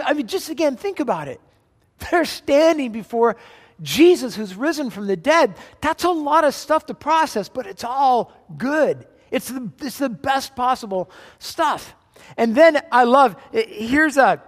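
A man in his forties preaches to his congregation in a relaxed, conversational way, slipping jokes into his stories. His voice sits high for a man. The sound carries the long reverb of a large hall. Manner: conversational, joking storyteller. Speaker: pastor. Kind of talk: sermon.

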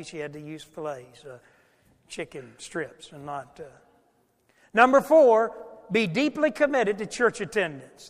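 An older man, a pastor preaching a folksy, animated sermon with loud bursts in a church. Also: fairly high pitch, long reverb tail. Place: church sanctuary.

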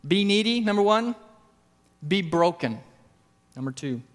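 A man preaching a sermon with earnest emphasis, his voice climbing for stressed points and dropping low for quiet ones. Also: lively intonation, unhurried, long reverb tail. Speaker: pastor.

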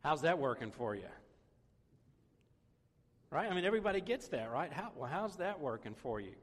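A man preaches in a relaxed, conversational way, dropping self-deprecating jokes between his points. His voice sits a little high for a man. The sound carries a long reverb, as in a church hall. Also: normal speed, long pauses, slightly rough. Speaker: pastor. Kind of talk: sermon.

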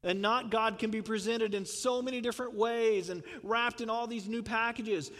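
A man's voice: very high-pitched, fairly even intonation, normal speed, hardly any pauses, fairly bright tone, long reverb tail. A man preaching a sermon in a conversational way, putting questions to the congregation and chuckling. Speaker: pastor.

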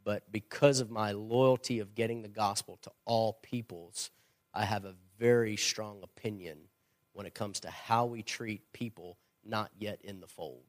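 A man's voice: fairly low pitch, a little slow, no echo, studio quality. A man who is a missionary and former pastor, answering a question at church in an earnest, emphatic and opinionated way.

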